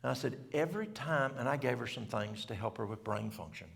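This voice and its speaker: A middle-aged man tells a story in a plain, folksy country way. His voice is deeply gravelly, with a middling pitch. It rings out with the long reverb of a church hall. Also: expressive, brisk. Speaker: health seminar speaker. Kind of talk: storytelling talk to a church audience.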